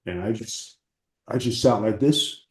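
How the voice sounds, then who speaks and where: A man, a former wrestler, telling profane, animated stories as an interview guest. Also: lowish voice, unhurried, echoey room. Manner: animated, profane storytelling with acted quotes. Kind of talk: casual storytelling.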